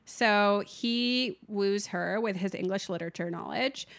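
A woman's voice: medium pitch, unhurried, fairly bright tone. A young woman co-hosting a podcast, chattily recapping a movie scene by scene with lots of "like". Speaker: podcast co-host. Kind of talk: casual movie recap chat.

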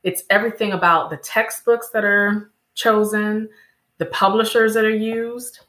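A woman's voice: mid-range voice, steady tone, a little slow, a bit bright. A woman answering interview questions in an emphatic, lecturing way, often listing examples. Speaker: guest. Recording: echoey room.

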